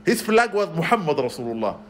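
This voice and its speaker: A man's voice: a little high, big pitch swings, fast talker, a little hiss or hum. A man giving a sermon as a spiritual advisor, earnest and emphatic, weaving Arabic phrases into his talk and rising to pointed exclamations. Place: community venue.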